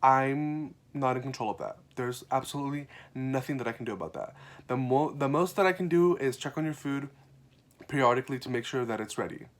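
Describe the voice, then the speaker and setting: A young man vents about his job as a server, his voice sitting at an ordinary middle pitch. He tells the stories in a casual, exasperated way and swears often. His delivery drops to low, flat mumbles and then jumps into sharp, loud outbursts. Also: fast talker. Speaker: restaurant server venting about customers. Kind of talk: casual ranting storytelling.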